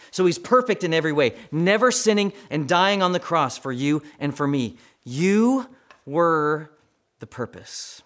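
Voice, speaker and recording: Dramatic preacher man, loud then hushed. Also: fairly high pitch. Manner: acts out quoted voices in prayers. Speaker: pastor. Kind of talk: sermon.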